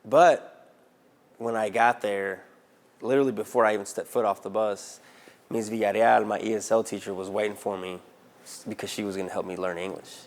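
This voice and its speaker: A man with an Arkansas accent, Spanish his first language, telling his life story in an interview in a lively conversational way. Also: on the low side, normal speed. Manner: animated, conversational, asks "right?" often. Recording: music playing underneath.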